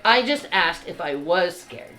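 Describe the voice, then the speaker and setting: A woman at a tabletop game who banters playfully and giggles between her comments. Her voice is fairly low for a woman, with faint music under it. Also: lively intonation, measured pace. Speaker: player.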